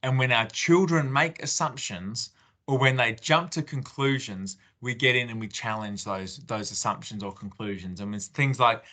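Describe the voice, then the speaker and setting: An Australian man talks through parenting advice in a loose, conversational webinar style, often acting out what he says to his kids. His voice sits at an average pitch for a man and has a bright, clear edge. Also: moderate pace. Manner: conversational, acts out parent-child exchanges with many fillers and restarts. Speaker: parenting speaker. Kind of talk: webinar talk.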